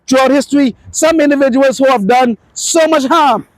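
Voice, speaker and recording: A man's voice: very high-pitched, normal speed, no room sound, rough recording. A man ranting unscripted to camera with boastful, profane, emphatic dating advice.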